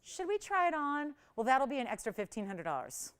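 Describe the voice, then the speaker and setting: A woman with a smooth, fairly high voice hosts a live jewelry shopping broadcast from a TV studio. She chats easily and laughs often, winding herself up as she talks prices down. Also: a little fast. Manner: chatty, animated, laughs often, counts down prices. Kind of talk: live TV sales pitch.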